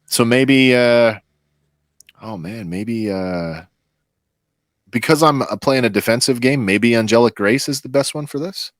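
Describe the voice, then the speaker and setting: A man's voice: medium pitch, measured pace, no room sound, clean studio sound. A man playing a tabletop game, thinking aloud hesitantly with many fillers. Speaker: player. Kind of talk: casual tabletop play.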